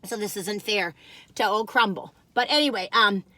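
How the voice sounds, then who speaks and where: A woman's voice: mid-range voice, normal speed, bright, forceful tone, no echo. An older woman, chatting casually and rambling to viewers while reviewing food in her car.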